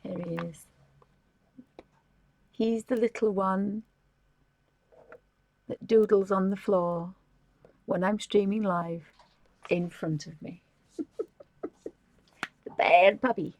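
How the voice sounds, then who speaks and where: Slow, gravelly woman in her fifties. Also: mid-range voice, steady tone, a little mellow, poor audio. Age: 50s. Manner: chatty and giggly, rambling with restarts. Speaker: live stream host. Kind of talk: casual chat, showing things to camera.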